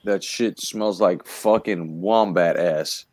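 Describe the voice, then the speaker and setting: Man, low voice, crude humor, casual chat, dry sound. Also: takes it slowly, a little mellow, dry recording. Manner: crude, laughs along, short reactions. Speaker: host.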